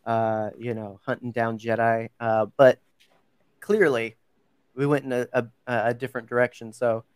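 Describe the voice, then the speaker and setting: Chatty male podcast host, smooth dry voice. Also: mid-range voice, little pitch movement, normal speed, dry recording. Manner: chatty, full of fillers and self-corrections. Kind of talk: casual podcast chat.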